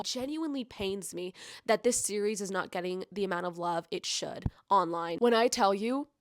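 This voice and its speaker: A woman reviewing a book in a casual vlog, gushing and effusive, peppering her talk with "like" and swinging from hushed tones to loud excited bursts. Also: fairly high pitch, no echo, studio quality. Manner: gushing, effusive, heavy use of filler "like". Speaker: book vlogger.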